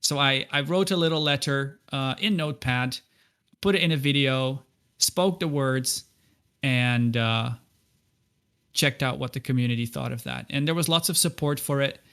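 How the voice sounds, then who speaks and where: A man's voice: medium pitch, moderate pace, fairly bright tone, clean tone. Earnest man in casual podcast chat. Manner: earnest, restarts words often. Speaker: podcast guest.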